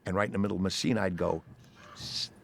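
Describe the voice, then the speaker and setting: An older man, an actor, telling a rambling, animated anecdote in an interview with lots of "you know". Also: low-pitched, very fast, gravelly, a little hiss or hum.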